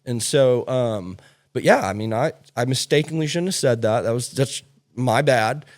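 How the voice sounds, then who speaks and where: A man's voice: medium pitch, normal speed. A man hosting a podcast, telling stories in a blunt, casual way and swearing freely. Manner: animated, blunt storytelling with swearing. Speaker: podcast host. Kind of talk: casual chat.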